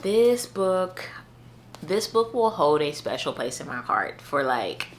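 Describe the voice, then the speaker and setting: Low-voiced, unhurried woman chatting about books. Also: very animated, slight background noise. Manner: chatty, full of "like" and "you know"; earnest, heartfelt enthusiasm. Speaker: book reviewer. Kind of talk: casual book review chat.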